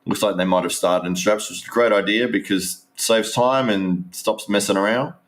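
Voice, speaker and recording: Aussie guy, kinda low voice, rambly live stream commentary, keeps restarting what he's saying. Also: moderate pace. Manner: rambling, restarts sentences, talks straight to viewers.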